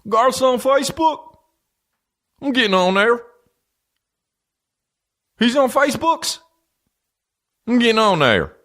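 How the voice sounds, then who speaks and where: A man's voice: extremely high pitch, sing-song, takes it slowly, pauses often, a bit bright, voice pushed up, heavily acted. A man voicing a giddy, folksy male country star who barks orders in a hyped drawl.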